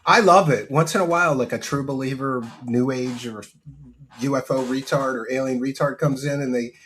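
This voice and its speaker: A man hosting a casual roast panel, animated and profane, laughing often as he talks. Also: mid-range voice, moderate pace.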